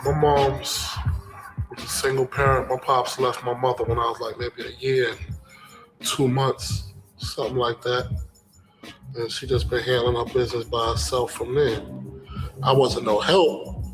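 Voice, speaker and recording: A man speaking in an archival interview clip, flat and unhurried. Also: medium pitch, over music, poor audio.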